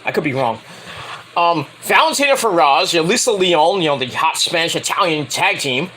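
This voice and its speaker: A man giving a rambling, casual spoken review of a wrestling show, excitable and swearing freely. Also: fairly high pitch, normal speed, a little hiss or hum, poor audio.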